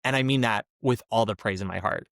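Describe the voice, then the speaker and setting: A man hosting a podcast, giving a casual, animated solo review with chatty asides. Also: lowish voice, brisk, vocal fry, no echo, clean studio sound. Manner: chatty and animated, slips into mocking impressions. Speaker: podcast host, theater reviewer.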